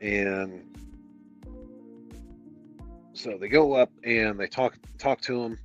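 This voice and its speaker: Low-voiced sardonic streamer reading a novel aloud, quick to swear, on a muffled mic. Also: male voice, faint music behind. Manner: exasperated, sarcastic, swears a lot. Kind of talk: reading aloud with profane commentary.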